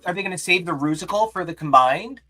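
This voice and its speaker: Animated man co-hosting a reaction chat. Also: sits high. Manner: animated, rapid-fire questions and mock outrage. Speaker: podcast co-host.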